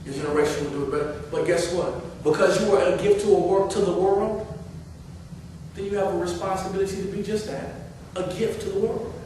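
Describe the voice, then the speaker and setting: A middle-aged male pastor preaching a sermon, swinging from hushed talk to loud, playful scolding. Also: high-pitched, fairly even intonation, a little fast. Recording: very echoey hall, far-off mic, faint hiss.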